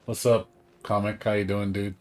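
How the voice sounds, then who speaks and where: A man chatting casually on a live game stream, rambling and excitable, swearing often and tired from staying up all night. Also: on the low side, normal speed, soft background music.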